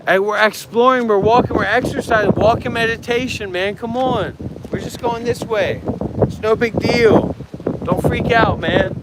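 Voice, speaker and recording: Man from America, live streamer, preachy, profane, high voice, loud wind noise. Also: moderate pace. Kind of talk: rambling live stream banter. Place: outdoors on a street.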